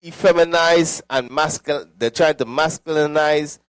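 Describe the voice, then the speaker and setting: A man speaking as a deacon on a preaching panel, animated and storytelling, with laughs and voice impressions. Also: on the high side, a little slow, clear, resonant tone.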